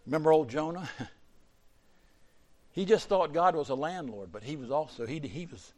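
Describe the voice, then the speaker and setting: A man preaching a sermon, swinging between loud fervent peaks and quiet low asides. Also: animated, moderate pace.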